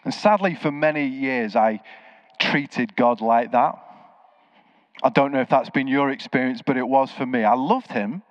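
A man's voice: mid-range voice, unhurried, no echo. A man preaching a sermon, telling stories and acting out the voices of the people in them. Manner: animated storyteller, acts out quoted voices. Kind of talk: sermon with storytelling. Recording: slightly dull, dry sound.

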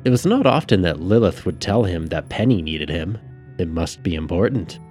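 A man narrating an audiobook in a measured, steady reading, with faint music behind. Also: low-pitched.

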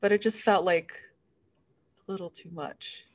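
A woman's voice: fairly low pitch, measured pace. A young woman co-hosting a podcast, speaking frankly and hesitantly in casual chat. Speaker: podcast co-host.

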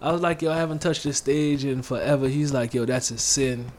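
A man, a rapper, chatting on a podcast; loud, joking and swearing, often laughing as he talks. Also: medium pitch, steady tone, fairly quick. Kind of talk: casual chat. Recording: loud background noise.

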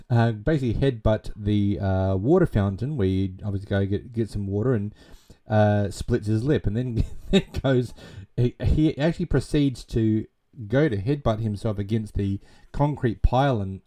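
A man's voice: lowish voice, moderate pace, dark tone. A man casually retelling a film plot, rambling with constant fillers and casual swearing. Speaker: film recap narrator.

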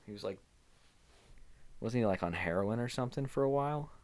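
A man's voice: medium pitch, expressive, brisk, darkish tone. A young man, hosting a casual rambling solo podcast from a small home room full of pillows, sounding groggy and just woken up. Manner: loose, unscripted, drifting between topics with many fillers. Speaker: podcast host.

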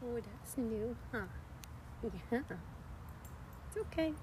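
A woman talking softly to her dog in a coaxing, praising way, first outdoors in the rain and then heading indoors. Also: on the high side, slow, noisy background. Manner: soft, coaxing pet talk with frequent praise. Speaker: podcast host. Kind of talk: casual talk to her dog.

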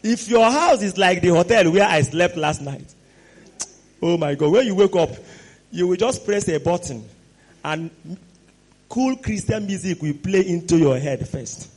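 A man preaching a sermon, animated and exclamatory, sometimes rising to shouts. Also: high-pitched, unhurried, husky.

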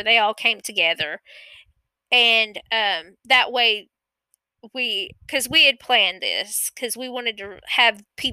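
A woman with a fairly high, bright, forceful voice tells a true story from her own life in a loose, conversational way. She rambles, doubles back to fix her own details, and swears without holding back. The sound is close and dry, with no room around it. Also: no room sound, low-quality recording. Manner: rambling, self-correcting, candid with swearing. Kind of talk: casual personal storytelling.

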